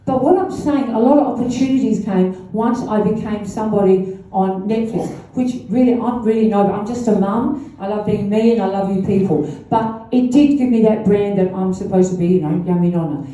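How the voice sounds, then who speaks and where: An older woman gives a rambling, chatty guest speech at a launch event, laughing between asides. Her mid-range, warm voice moves at normal speed with few pauses, and the recording comes from far off in an echoey room.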